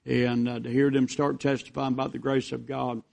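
A man preaches a revival sermon, rambling through stories in a folksy way. His voice has a rough, gravelly edge and stays fairly level in pitch. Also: flat delivery, normal speed, darkish tone. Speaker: visiting preacher.

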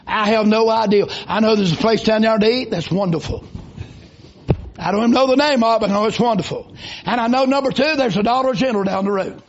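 A man preaching a revival sermon in church, folksy and rising into shouted bursts. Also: sits high, quick pace. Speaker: visiting preacher. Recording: dull lo-fi recording.

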